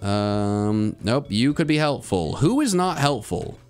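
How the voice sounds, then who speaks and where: A man streaming a video game live, chatting with his viewers and breaking into loud, frustrated outbursts. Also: lowish voice, very animated, slow, soft background music. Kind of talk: live gameplay commentary.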